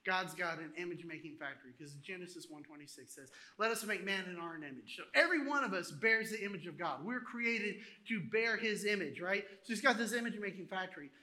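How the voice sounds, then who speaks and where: A man preaching a sermon in a lively, conversational way, acting out little asides to the congregation. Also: high voice, quick pace, few pauses. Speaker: pastor.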